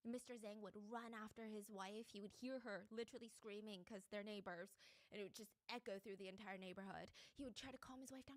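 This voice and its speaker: A woman's voice: a little high, fairly quick, no echo, rough recording. Chatty woman telling a dramatic story. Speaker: storyteller host. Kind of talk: casual storytelling.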